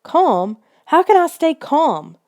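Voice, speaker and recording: A woman doing a shrill panicked little girl. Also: sing-song, normal speed, a little mellow. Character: frightened young girl lost in snow.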